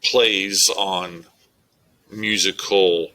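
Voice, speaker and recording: A man's voice: deep voice, steady tone, extremely slow, sharp tone, poor audio. A male English teacher giving a methodical, explanatory recorded lecture on poetry.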